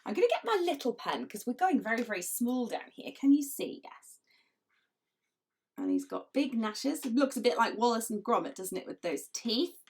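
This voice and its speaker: A woman's voice: on the high side, very animated, normal speed, a little mellow. A middle-aged woman, chatting playfully as she leads a drawing lesson for children. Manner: chatty, playful, laughs often. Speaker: illustrator teaching drawing.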